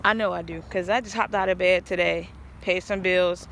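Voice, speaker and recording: In a lowish, slightly bright voice with a steady tone and normal speed, a woman vlogs outdoors about a long personal experience. She's earnest and rambling, often stopping and restarting her sentences, and a little hiss or hum can be heard.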